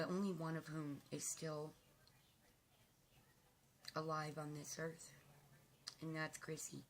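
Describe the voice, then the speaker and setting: Woman vlogger, low voice, tearful, halting speech with ums, faint hiss behind. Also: fairly bright tone. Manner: emotional, halting, with frequent ums. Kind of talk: casual vlog talk to viewers.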